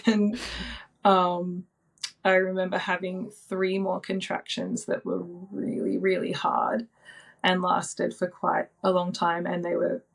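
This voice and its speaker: An Australian woman in her thirties appears as a podcast guest, telling a personal story softly and reflectively, with plenty of ums and likes. Her voice is fairly low, gravelly, and level in tone, and she speaks slowly.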